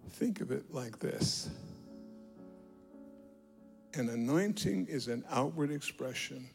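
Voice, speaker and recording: Gravelly-voiced preacher man, soft music behind. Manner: swings between loud declaring and low confiding asides; retells scripture with acted dialogue. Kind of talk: sermon.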